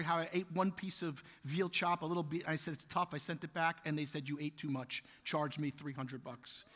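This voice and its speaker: Man, live keynote, lively storyteller, bright tense tone, reverberant conference hall. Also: fairly high pitch. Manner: animated, jokey, talks to the audience. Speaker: keynote speaker.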